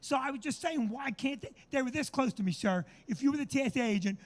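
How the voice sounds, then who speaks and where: A man's voice: very high voice, expressive, fast talker. Brash profane male comic storyteller. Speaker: comedian host. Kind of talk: storytelling chat.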